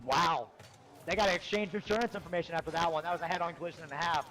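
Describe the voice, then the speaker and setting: A young man provides color commentary in a high voice, breaking down plays in a relaxed, joking way. Faint background noise runs under his voice. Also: racing, low-quality recording. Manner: relaxed, jokey analysis.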